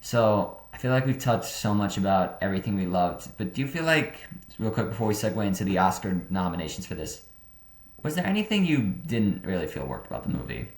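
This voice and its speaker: Low-voiced man in an echoey room. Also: sing-song, fairly quick. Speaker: film review host. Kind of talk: casual film review chat.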